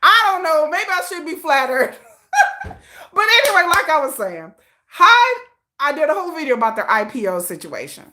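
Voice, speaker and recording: With a high-pitched voice at an ordinary pace, a woman reads comments on her relaxed K-pop livestream in a sassy, slangy, animated manner, laughing often and dishing out put-downs. She is an adult who could have a teenage child.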